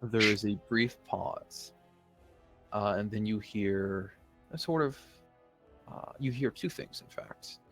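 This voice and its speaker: A man narrating as game master of a tabletop game, describing scenes in a measured way with frequent "uh" fillers. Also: lowish voice, a bit bright, faint music behind.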